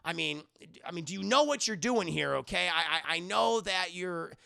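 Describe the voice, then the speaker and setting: Loyal old butler , played loosely by a male streamer; fussy and stammering, with a bright gravelly edge. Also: high-pitched, lively intonation, moderate pace, no room sound, clean studio sound, exaggerated voice. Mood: worried.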